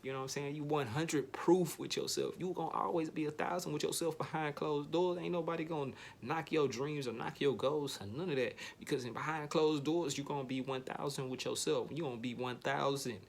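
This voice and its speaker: A man vlogging a casual motivational monologue, slangy and repetitive, sometimes jumping up into a higher, animated voice. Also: a little fast, creaky, few pauses, slight background noise.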